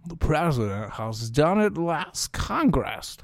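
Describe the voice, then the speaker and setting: A man doing a guessed impression of a bland male senator in a flat, lowered voice. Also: takes it slowly, dry recording, clean studio sound, exaggerated voice. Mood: deadpan.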